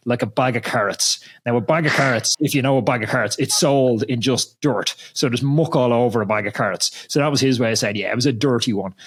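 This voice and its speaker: An Irish man hosting a podcast, chatty and full of anecdotes. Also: medium pitch. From Ireland. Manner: chatty, anecdotal, laughs easily. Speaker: podcast host. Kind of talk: casual chat and storytelling.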